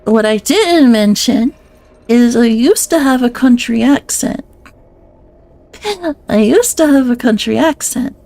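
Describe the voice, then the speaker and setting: Streamer girl chatting live, keeps giggling and cussing, kinda high but soft mellow tone. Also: takes it slowly, creaky, long pauses, no room sound. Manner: giggly, self-conscious, swears a lot. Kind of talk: casual live-stream chat.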